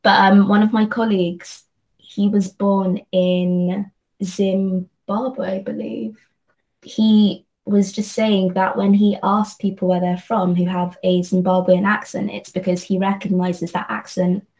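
Woman, earnest, reflective, thinks aloud, restarts often, level narrow pitch. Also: little pitch movement, a little slow, darkish tone. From London, England. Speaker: guest, company associate. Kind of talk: reflective conversational discussion.

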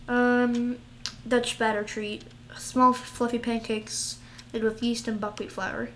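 Woman, higher voice, casual and giggly, hesitant reader. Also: little pitch movement, slow pace, a bit bright, a little hiss or hum. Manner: giggly, hesitant, stumbles over foreign words. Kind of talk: casual chat reading out national dishes.

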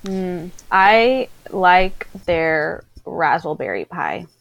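A woman's voice: lowish voice, very animated, extremely slow, gravelly, no echo. A woman co-hosting a casual chat, bubbly and chatty, laughing often. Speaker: podcast co-host.

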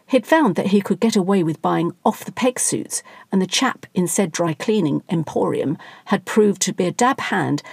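A woman reading a satirical story aloud in a wry, dry, measured way. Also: fairly low pitch, a little mellow, breathy edge, dry recording. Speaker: narrator.

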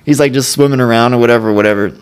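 A man co-hosting a casual podcast, retelling cartoon scenes in a rambling, animated way and jumping into quoted voices. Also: medium pitch, rapid-fire, smooth. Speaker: podcast co-host. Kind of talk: casual chat.

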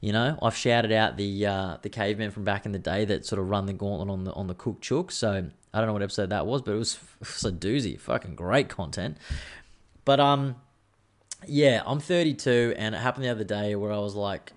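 Chatty, swearing podcast host. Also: male voice, fairly low pitch, fairly quick. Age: 30s. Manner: chatty, swears freely, rambling asides. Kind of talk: casual solo podcast monologue.

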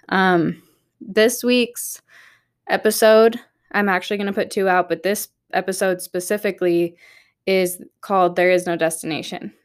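A woman hosting a podcast, talking candidly and upbeat, encouraging her listeners from her office at night. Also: mid-range voice. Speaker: podcast host. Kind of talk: motivational solo podcast talk.

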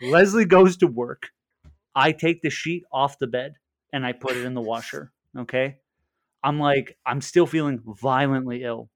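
A young man co-hosting a podcast, telling a crude story in a casual, animated way with frequent restarts. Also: mid-range voice, a little slow, slight background noise. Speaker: podcast co-host.

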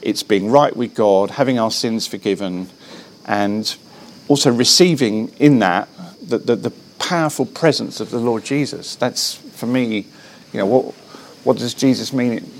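A man preaching his faith in an interview, earnest and animated, with frequent restarts. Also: mid-range voice, measured pace, slight background noise. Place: Belfast.

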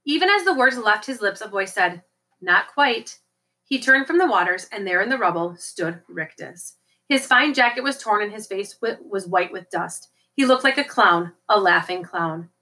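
A woman reading a novel aloud as an audiobook, in a steady storytelling manner. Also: medium pitch, moderate pace, rough recording. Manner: steady storytelling with occasional slips and restarts. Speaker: audiobook reader.

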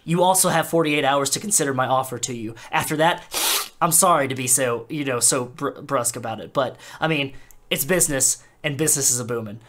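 A commanding male vampire prince barks quick orders in a tabletop game, voiced by the game master. He sounds brisk and businesslike, and his voice sits in an ordinary middle pitch. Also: fairly bright tone, close to an everyday voice. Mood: smooth, businesslike. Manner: rapid clipped orders. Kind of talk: voicing a character in a tabletop game.

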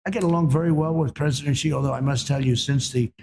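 A man's voice: mid-range voice, steady tone, fast talker, vocal fry, a little mellow, slight background noise. An older man answering in a TV interview, boastful and repetitive, leaning hard on emphatic claims.

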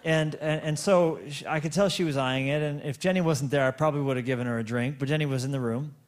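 A male pastor with a somewhat raised voice delivers a sermon, opening with a personal story. He often trips over himself and repeats words before finding his footing. At key moments he slows right down and draws out each word for weight. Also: fairly high pitch, steady tone. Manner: storytelling with frequent stammered restarts and repeated words; slows down and stretches words for emphasis.

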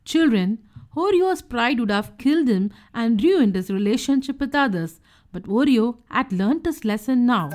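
A woman with a high voice reads a children's story aloud. Her reading is clear, gentle and expressive, made for young listeners. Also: normal speed, faint music behind.

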